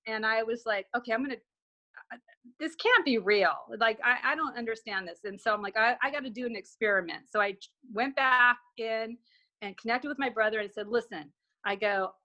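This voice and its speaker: A woman's voice: on the high side, brisk, sharp tone. A woman guest telling a personal story in conversation, acting out remembered dialogue with frequent restarts.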